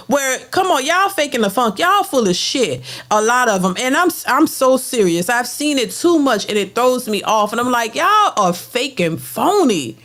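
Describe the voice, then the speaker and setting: A woman with a somewhat high voice hosts a reaction show and delivers a casual, opinionated rant. She talks bluntly and with emphasis. She stumbles and repeats words when she gets heated. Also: a bit bright. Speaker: reaction channel host.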